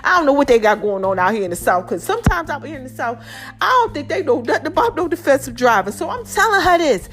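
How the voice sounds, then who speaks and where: High-pitched woman from jersey, podcast host, animated and emphatic, soft music behind her. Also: fast. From New Jersey. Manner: animated, exclaims often, slangy and emphatic. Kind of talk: casual storytelling monologue.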